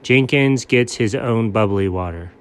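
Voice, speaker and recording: A man's voice: lowish voice, unhurried, pitched below the performer's own voice, lightly acted. A man doing a dry, smug cartoon dog. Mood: deadpan. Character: dry, know-it-all male dog. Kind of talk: comedic character voice.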